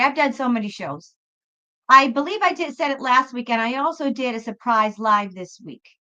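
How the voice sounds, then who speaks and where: A woman with a high, bright voice chats loosely on a live stream, rambling and talking straight to her viewers. Her talk is casual and wandering. The audio is dull and lo-fi. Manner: rambling, chatty, talks straight to viewers in the chat. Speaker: tarot reader hosting a live show.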